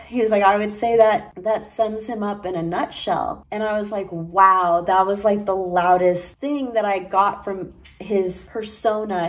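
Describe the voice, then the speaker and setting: A woman's voice: mid-range voice, poor audio. A young woman telling a personal story to camera as a spiritual vlogger, earnest and confiding, acting out bits of dialogue.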